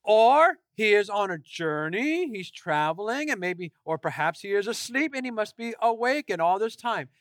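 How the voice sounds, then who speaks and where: Bright, high-pitched man preaching a sermon. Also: moderate pace, hardly any pauses, no echo, clean studio sound. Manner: lively storytelling, acts out voices; jokey asides.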